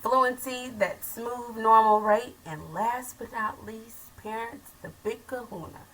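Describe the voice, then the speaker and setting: Chatty woman host, bright voice. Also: a little high, slow pace, recorded from a distance, a little hiss or hum, poor audio. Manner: chatty, many fillers and asides. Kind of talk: casual talk show chat with parents.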